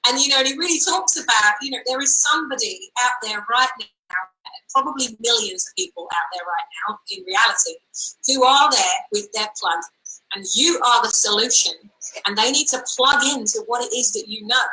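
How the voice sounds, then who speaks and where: A woman's voice: on the high side, a little fast, bright, forceful tone, reverberant, slight background noise, rough recording. A woman hosting an interview, asking enthusiastic questions and using fillers now and then. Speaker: interview host. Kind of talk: conversational interview.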